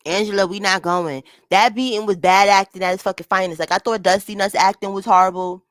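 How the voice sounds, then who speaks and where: A woman's voice: fairly even intonation, a little fast, dry recording. Blunt, profane woman streamer, dry mic. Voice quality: fairly high voice. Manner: talks straight to the chat. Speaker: commentary streamer. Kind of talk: casual live-stream commentary.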